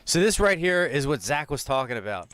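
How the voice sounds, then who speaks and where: Upbeat male stream host, smooth voice. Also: a little high, big pitch swings, fairly quick, fairly bright tone, no echo. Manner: upbeat, laughs often, rambling. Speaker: livestream host. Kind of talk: casual chat on a livestream.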